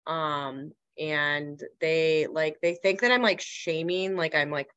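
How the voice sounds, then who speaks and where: A woman's voice: sits low, takes it slowly, fairly bright tone, clear, resonant tone, lo-fi sound. A young woman fitness coach talking casually on a business call, rambling with many fillers.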